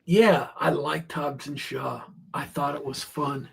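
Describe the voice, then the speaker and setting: A man co-hosts a casual podcast chat and drops wry, joking comments. His voice is somewhat high, with a husky edge. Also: steady tone, slow pace, a bit bright. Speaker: podcast co-host.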